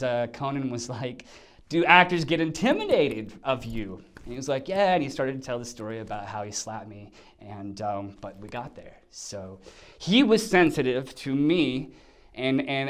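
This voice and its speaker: A male actor telling an animated story in a casual chat, acting out quotes and sound effects. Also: medium pitch. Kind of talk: casual anecdote.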